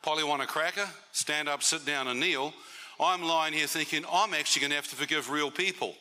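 A man's voice: on the high side, brisk, pushed and bright. A man giving a testimony sermon to a church meeting, conversational and often asking the audience questions.

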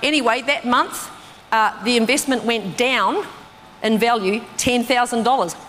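A woman giving a sermon with a personal testimony, telling her story with animated, acted-out reactions that jump sharply in pitch. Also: measured pace. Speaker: preacher. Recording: long reverb in a hall.

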